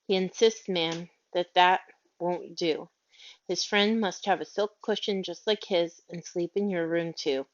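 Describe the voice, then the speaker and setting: A woman voicing a prim, self-assured nanny who speaks crisply and matter-of-factly, in a storybook reading. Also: on the low side, a little slow, natural voice. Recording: dull lo-fi audio.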